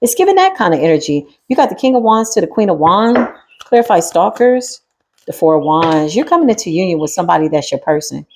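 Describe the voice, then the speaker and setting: A woman's voice: on the low side, very animated, fast, a little mellow, a little hiss or hum. A woman doing a spiritual tarot reading in a sassy, streetwise style, talking straight to the viewer and to the spirit. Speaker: tarot reader.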